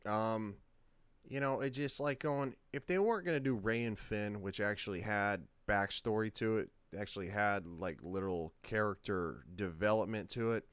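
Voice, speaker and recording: A man's voice: fairly low pitch, clean tone, dry recording. A man hosting his own reaction channel, talking in a casual, rambling way with many fillers and restarts. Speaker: channel host.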